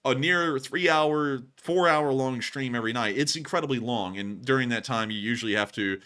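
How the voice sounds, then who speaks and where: Bright-voiced, excitable male stream host. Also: mid-range voice, normal speed. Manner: laughs often, rambling and excitable. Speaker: livestream news host. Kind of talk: casual livestream chat.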